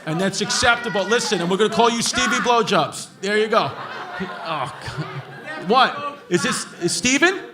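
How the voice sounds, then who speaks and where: A man working the room at a stand-up show, his voice pitched unusually high and his delivery brash, profane and mocking. He is recorded live in a large club, and a loud crowd laughs around him. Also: animated, measured pace. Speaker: stand-up comedian. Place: large comedy club before a live audience.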